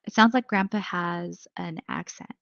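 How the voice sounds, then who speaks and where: A woman's voice: on the low side, fairly even intonation, normal speed, gravelly, a bit bright, no echo, dull audio. A woman psychic medium giving a live reading in a chatty, thinking-aloud way, full of fillers.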